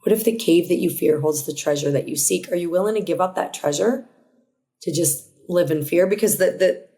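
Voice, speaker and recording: A woman hosting a solo motivational podcast, talking earnestly and reflectively, often restarting a phrase or adding a quick aside. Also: fairly low pitch, mellow. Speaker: podcast host.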